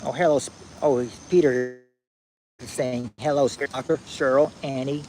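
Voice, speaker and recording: A man hosting a casual trivia game on a livestream, reading viewers' answers aloud in a halting, repetitive way, outdoors at night on a phone. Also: medium pitch, fairly even intonation, a little mellow, a little hiss or hum, low-quality recording. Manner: halting and repetitive, restarting phrases, drawling out answers.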